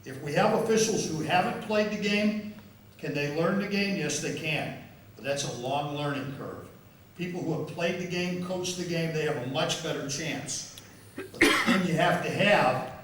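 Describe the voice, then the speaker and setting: A man's voice: fairly high pitch, moderate pace. Older man, after-dinner speaker, self-amused storyteller, roomy echo, distant mic, faint background noise. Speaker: guest speaker and football official. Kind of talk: after-dinner speech with anecdotes. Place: large members' dining room. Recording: echoey hall, voice from far off.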